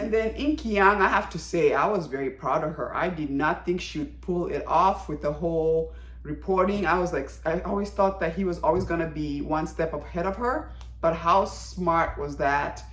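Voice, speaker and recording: A woman talking casually to camera as she reviews a TV drama, animated and exclamatory, and she acts out characters' lines. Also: fairly low pitch. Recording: echoey room.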